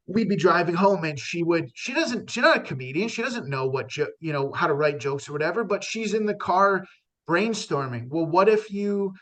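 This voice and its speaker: A man's voice: a little high, very animated, moderate pace, fairly bright tone. A man, a stand-up comedian, talking earnestly in a casual conversation, with frequent restarts and fillers.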